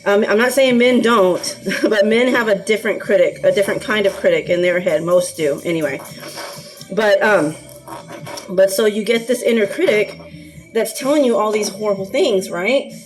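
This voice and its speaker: Woman, casual rambling talk, fillers and laughs, middle pitch, soft music behind. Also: normal speed, poor audio. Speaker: anxiety vlogger.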